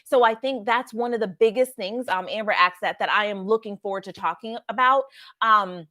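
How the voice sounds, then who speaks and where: A young adult woman, a nurse, telling stories to camera in a soft, earnest way with frequent restarts. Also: mid-range voice, normal speed. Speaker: nurse and vlogger. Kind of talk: casual storytelling to camera.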